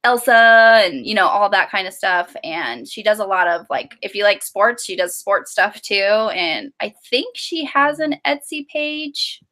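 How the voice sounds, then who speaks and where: A woman's voice: medium pitch, expressive, a little slow, few pauses, pushed and bright. A woman co-hosting a writing live stream, chatting casually and reading out viewer comments with lots of fillers.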